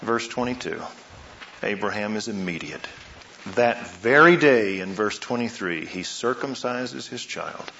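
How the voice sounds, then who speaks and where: A man's voice: on the low side, expressive, a little slow, gravelly, a little hiss or hum. Man preaching with dramatic swings. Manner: dramatic swings in loudness and pace, rhetorical questions. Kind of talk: sermon. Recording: roomy, slightly dull sound.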